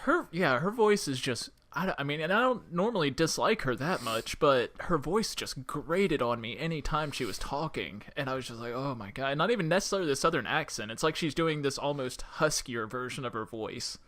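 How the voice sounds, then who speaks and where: Man, higher pitch, bright tone, film podcast co-host, blunt, laughs a lot. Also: animated, brisk, hardly any pauses. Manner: laughs often, blunt and dismissive. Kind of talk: casual film review chat.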